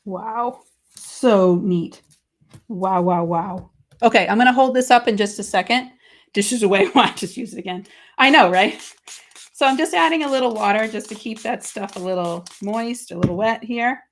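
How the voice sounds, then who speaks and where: A woman with a mid-range voice, speaking at a moderate pace, hosts a live papercrafting stream. She chats casually and excitably with viewers as she works, reading their comments aloud.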